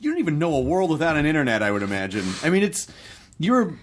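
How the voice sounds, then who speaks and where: A man's voice: on the high side, huge pitch swings, quick pace, a little hiss or hum. A man with an American accent hosting a podcast, rambling and joking casually with his guest. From United States. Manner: jokey, conversational, rambling. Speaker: podcast host. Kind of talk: casual chat.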